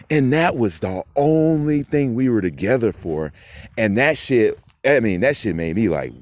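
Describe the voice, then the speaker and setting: Low-voiced man ranting to camera. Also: very animated, a little slow, darkish tone, no echo. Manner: agitated, profane, rambling with many fillers. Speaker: vlogger. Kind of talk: rambling monologue to camera.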